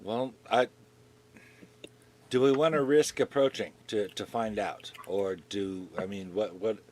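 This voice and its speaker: Low male voice, stammering, repeats words, a player reasoning things out. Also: steady tone, a little slow, darkish tone.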